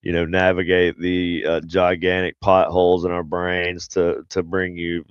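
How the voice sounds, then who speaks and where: Man, podcast host, rambling and jokey, smooth low voice, dry slightly dull recording. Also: monotone, a little slow, no room sound. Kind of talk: casual chat.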